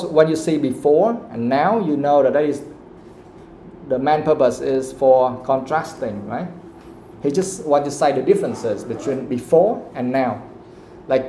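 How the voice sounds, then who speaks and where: Male English teacher, mellow. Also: mid-range voice, roomy sound, a little hiss or hum. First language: Vietnamese. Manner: explanatory, keeps checking with "okay?". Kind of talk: live classroom lesson. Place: classroom.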